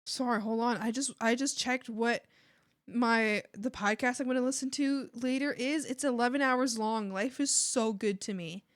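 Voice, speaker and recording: Bubbly high-voiced woman streamer. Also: moderate pace, dry recording, studio quality. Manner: bubbly, gushing, swings into squeals and whispers. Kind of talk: casual chat while drawing.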